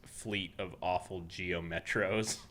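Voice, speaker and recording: A man's voice: deep voice, steady tone, slow pace, a bit bright, slight background noise. A man from Utah hosting a casual podcast, who tells meandering anecdotes full of restarts. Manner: rambling anecdotal storytelling with many restarts. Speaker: podcast host.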